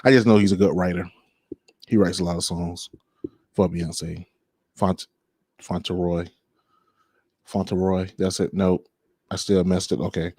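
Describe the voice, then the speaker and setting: A man's voice: low-pitched, fairly even intonation, a little mellow, husky, dry recording, clean studio sound. A man hosting a casual music podcast, rambling and laid-back, with many fillers, and he laughs at his own slips. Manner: drawn-out speech with many fillers. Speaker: podcast host.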